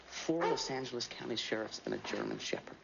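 A profane young storyteller. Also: male voice, medium pitch, expressive, brisk, vocal fry, noisy background. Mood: tense. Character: edgy young man spinning a drug-deal tale. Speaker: actor. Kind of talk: film dialogue. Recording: dull film audio with music underneath.

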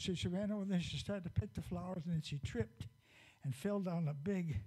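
A man telling a story to children at a church service, gently asking them questions along the way. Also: high-pitched, lively intonation, brisk, slightly rough, rough recording.

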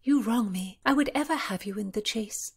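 A woman's voice: moderate pace, husky. A woman voicing a spirited young Tudor noblewoman, speaking emphatically and earnestly in an audiobook. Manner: emphatic, earnest, raised pitch.

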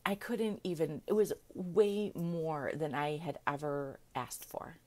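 A woman's voice: low-pitched, takes it slowly, a little mellow. A middle-aged woman coach chatting casually on a live video, laughing often and checking in with "right?". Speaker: manifestation coach.

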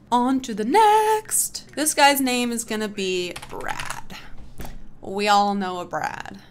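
A young woman talks through her game in loose, casual commentary, her voice sitting at an ordinary middle pitch. She is chatty and swears freely, often breaking into laughs as she goes. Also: a bit bright, a little hiss or hum. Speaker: YouTuber building Sims characters.

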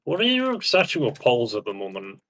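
A young man with a bright, forceful voice talks through a live gameplay stream. He gives a teammate blunt, bossy instructions and curses when he gets frustrated. His pitch sits in an ordinary middle range. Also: wildly swooping pitch, brisk.

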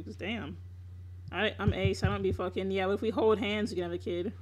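A woman's voice: mid-range voice, steady tone, a little fast. A young woman chatting casually on a live stream while she draws, laughing often, swearing freely and teasing her viewers.

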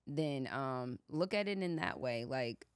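A woman co-hosting a podcast, talking through faith in a relaxed, thoughtful way, often checking in with "you know what I'm saying". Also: extremely low pitch, measured pace, clear, resonant tone, dry recording, studio quality. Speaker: podcast co-host. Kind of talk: casual faith chat.

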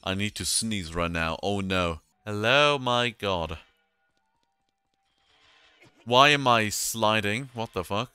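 A man narrates his own gameplay in a loose, joking ramble, cursing freely at the game. His voice is bright and crisp, and he takes his time, drawing out his words. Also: fairly low pitch, slow pace, long pauses, no echo, faint music behind. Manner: swears and exclaims at the game. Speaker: let's play gamer. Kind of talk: casual gameplay commentary.

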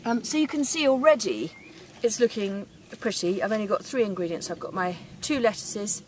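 An enthusiastic English woman talks through her gardening in a relaxed how-to style, with easy fillers. She is recorded outdoors from a little way off the mic. Birdsong and rural ambience are clearly heard behind her. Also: mid-range voice, moderate pace. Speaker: gardening presenter. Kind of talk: casual how-to demonstration. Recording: distant mic outdoors with background noise.

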